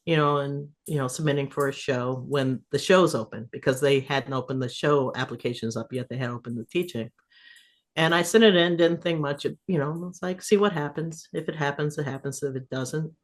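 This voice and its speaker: A middle-aged woman, an improv festival curator, telling stories in a casual podcast interview, animated, laughing and swearing freely. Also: deep voice.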